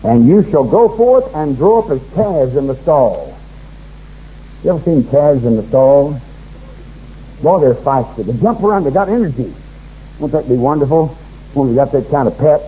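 A fervent male preacher delivers a sermon, his voice sitting high and a little husky. He swells with force when reading scripture. It comes through muffled, like an old radio broadcast. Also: animated, normal speed, long pauses.

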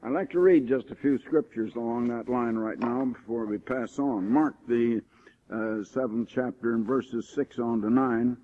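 A man preaching a sermon, reading scripture slowly and rising to stress his points. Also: medium pitch. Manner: emphatic, rising on key points, slows for scripture. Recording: tinny phone-like old recording.

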